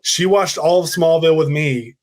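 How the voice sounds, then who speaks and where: Co-host, young guy, laid-back and talkative, bit of a high voice. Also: normal speed. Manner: relaxed, rambling storyteller. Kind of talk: casual podcast chat.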